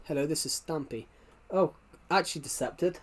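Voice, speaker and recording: A man's voice: a little high, normal speed. A British man chats loosely while streaming a game, circling back and repeating himself as he talks. His mic sits a little away behind his laptop, so he sounds a touch distant. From Britain. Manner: rambling, repeats himself often. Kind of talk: casual gaming stream chat. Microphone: mic a bit away behind a laptop.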